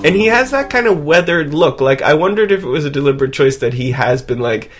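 A man's voice: a little high, lively intonation, fairly quick, over music. Young guy hosting a movie podcast, laughs a lot, does bits and voices. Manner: laughs often, does impressions. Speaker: podcast host. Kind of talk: casual film-review banter.

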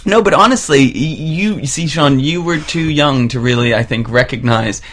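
A man's voice: mid-range voice, normal speed, fairly bright tone. A man hosting a film review chat, retelling scenes in a playful, teasing way. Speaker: podcast host.

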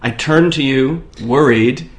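A man's voice: medium pitch, slow pace. Chatty American man co-hosting a podcast. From United States. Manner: chatty, playful, digressive. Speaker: podcast co-host. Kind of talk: casual chat.

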